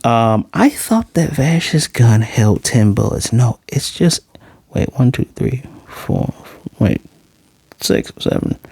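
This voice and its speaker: A man's voice: medium pitch, animated, slow pace, vocal fry, a little mellow, breathy edge, dry recording. A man in his late thirties giving a casual, rambling anime review, often correcting himself and wandering into chatty asides. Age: 30s.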